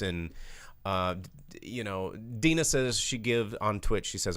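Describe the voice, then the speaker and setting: A man reviewing a horror film on a live show, his voice sitting on the low side and recorded dry and close. He rambles loosely with plenty of fillers and restarts, and now and then acts out snippets of the characters. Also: slow pace, a bit bright, dry recording. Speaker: podcast co-host, film reviewer. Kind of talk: casual movie review chat.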